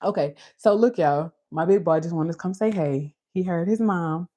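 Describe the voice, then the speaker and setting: A woman with a Caribbean Creole accent hosting a casual, animated Bible talk, with a husky voice and frequent laughter. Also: lowish voice, normal speed. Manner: animated, preachy, laughs often. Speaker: beauty channel host.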